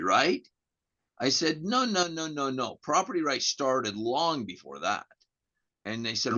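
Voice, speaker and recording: A man's voice: medium pitch, bright, forceful tone, husky. A man with an American accent telling a long story as a podcast guest, rambling with restarts and acting out the dialogue. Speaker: podcast guest, real estate agent. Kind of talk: casual storytelling in an interview. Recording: dull lo-fi audio.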